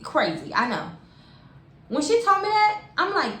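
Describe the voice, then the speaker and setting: A young woman telling a personal story in a casual, animated way, using lots of slang and talking straight to her viewers. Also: sits high, measured pace. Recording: echoey room with faint hiss.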